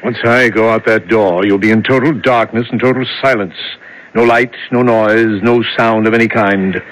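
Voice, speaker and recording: Male actor, cold deadpan jailer, lowish voice, radio play. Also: normal speed, close to an everyday voice, poor audio. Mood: cool. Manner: flat, dry, unbothered. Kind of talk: 1970s radio drama acting.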